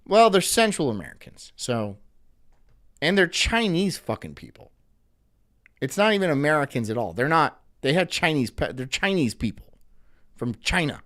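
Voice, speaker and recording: A man's voice: a little high, sing-song, moderate pace, a bit bright. A man hosting a livestream, ranting profanely and animatedly about news clips. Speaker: livestream host.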